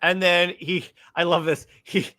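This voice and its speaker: A man's voice: sits high, steady tone, a little slow, pushed and bright. A man hosting a casual movie discussion, eagerly recapping scenes and often stumbling over his words as he restarts. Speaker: podcast host.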